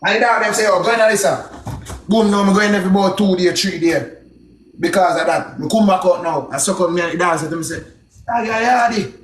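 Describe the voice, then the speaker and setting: A young man with a Jamaican accent telling a story casually, in a heavy patois with shouted exclamations. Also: high-pitched, quick pace, echoey room. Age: young adult.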